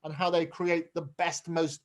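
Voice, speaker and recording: A man's voice: fairly high pitch, little pitch movement, measured pace, slight background noise. A middle-aged man hosting a chat show, enthusiastic and prone to repeating words while he gathers his thoughts. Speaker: host. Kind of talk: casual chat.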